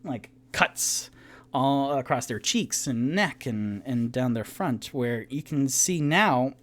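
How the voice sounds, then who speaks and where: A man acting as game master, narrating a solo tabletop game in loose, halting descriptions. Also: mid-range voice, animated.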